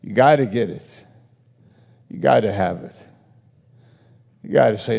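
A male preacher with a gravelly, mellow voice, delivering a sermon in a hall with long reverb. He reads scripture, tosses in sarcastic asides, and acts out both sides of imagined exchanges before building to emphatic declarations. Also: on the low side, measured pace, pauses often. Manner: acts out imagined dialogue, mocking asides, rises to emphatic passages.

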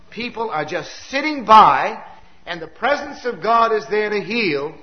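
A man preaching a sermon from the pulpit, with a slightly high voice. He swells up and then sinks nearly to a hush. The recording is dull and lo-fi. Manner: preaching with rising and falling volume, sometimes dropping very soft.

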